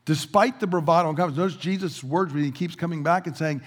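A male pastor preaching a sermon, animated, acting out quotes and asking rhetorical questions in a church sanctuary. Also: a little high, fast. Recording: long reverb of a large hall.

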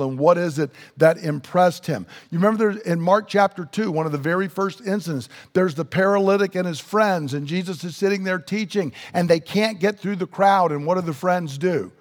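A man preaching a sermon in an earnest, emphatic way, slowing down to stress key words. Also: high voice, in a large hall.

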